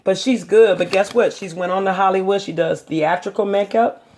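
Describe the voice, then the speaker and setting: A woman's voice: mid-range voice, normal speed, a little mellow, a little hiss or hum. A middle-aged woman vlogging from her home kitchen, telling rambling stories in a chatty, casual way. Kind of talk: casual chat.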